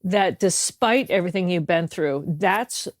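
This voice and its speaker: A woman's voice: fairly low pitch, a little slow, no room sound, studio quality. A woman from the East Coast hosting a podcast, speaking in an effusive, affirming way to her guest. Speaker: podcast host. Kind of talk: heartfelt interview talk.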